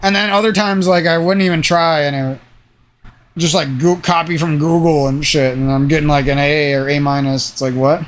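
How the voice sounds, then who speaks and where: With a steady tone at normal speed, a gaming channel host in his youth meanders through casual talk, swearing frequently and drifting into rants. His voice is on the high side and a bit nasal.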